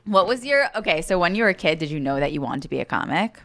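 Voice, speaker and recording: A woman's voice: fairly low pitch, animated, fast talker, fairly bright tone. A woman hosting a podcast, asking curious questions in a casual, joking chat. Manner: curious, asks short questions, jokey. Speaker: podcast host.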